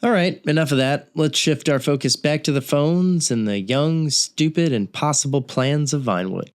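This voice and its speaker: A man's voice: on the high side, normal speed, close to an everyday voice. A man playing a broke, lonely radio host who jokes wryly at his own expense during a comedic call-in show. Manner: self-deprecating, wry. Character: broke, self-pitying single male radio host.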